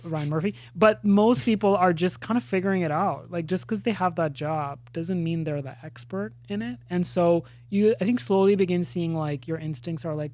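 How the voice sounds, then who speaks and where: Animated, self-mocking man telling stories. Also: high-pitched, normal speed, hardly any pauses. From India. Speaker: actor and podcast guest. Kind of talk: casual storytelling chat.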